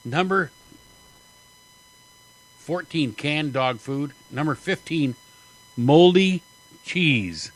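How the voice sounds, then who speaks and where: A man's voice: a little high, lively intonation, slow pace, long pauses, fairly bright tone, poor audio. A man hosting a talk radio show, chatting casually and laughing often between jokey asides. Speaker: radio host.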